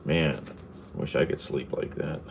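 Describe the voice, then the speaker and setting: Low, slow-talking man cooking. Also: vocal fry, background noise. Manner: rambling, chuckling to himself. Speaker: vlogger. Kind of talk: casual cooking vlog. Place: home kitchen.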